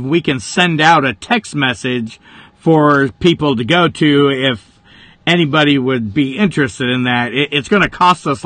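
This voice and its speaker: A man who works as a hotshot trucker, a guest on a livestream chat, talking in an easygoing way with many pauses and fillers. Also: a little high, fairly bright tone, no echo.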